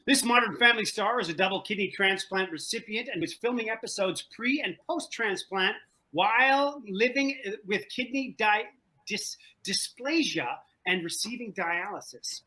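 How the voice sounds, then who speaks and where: Man, trivia host, high voice, bright tone, playful, video call. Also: normal speed, poor audio. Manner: animated, joking, repeats himself. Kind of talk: playful game-show hosting. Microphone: video call from home.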